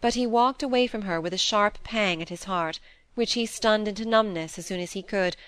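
A woman narrating a classic novel in a calm, measured storytelling voice. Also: mid-range voice, clear, resonant tone, no echo. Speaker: audiobook narrator.

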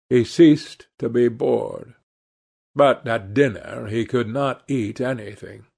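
A man narrating a novel as an audiobook in a measured, expressive reading. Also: medium pitch.

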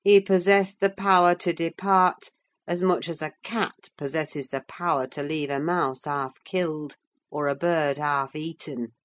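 A woman narrating a classic novel as an audiobook, in a measured, unhurried reading. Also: low voice, steady tone. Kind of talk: scripted narration.

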